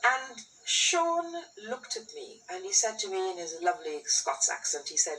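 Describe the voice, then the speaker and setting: Animated woman telling a personal story. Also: medium pitch, normal speed, few pauses. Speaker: interviewee. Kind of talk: interview recollection. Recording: distant interview with faint noise.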